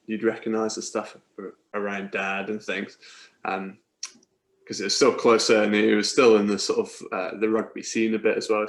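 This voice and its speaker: A Scottish man in his twenties, a cricketer, chatting as a guest in a relaxed, joking way. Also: fairly low pitch. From Scotland. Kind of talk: casual interview chat.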